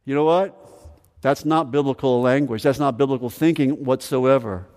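A man's voice: medium pitch, moderate pace, a little mellow, long reverb tail. A man preaching a sermon as pastor, emphatic, repeating phrases and asking the congregation questions. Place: church sanctuary.

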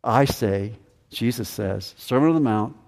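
A man's voice: on the low side, measured pace, gravelly, a little mellow, long reverb tail. A man preaching a sermon as pastor, emphatic, repeating phrases and asking the congregation questions. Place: church sanctuary.

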